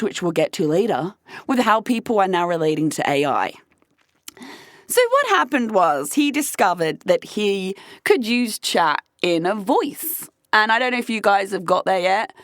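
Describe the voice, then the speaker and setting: A woman's voice: mid-range voice, dry recording, studio quality. A woman hosting a podcast who tells a personal story in a candid, profane way and keeps breaking into laughter. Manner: animated, profane, laughing between lines. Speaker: podcast host.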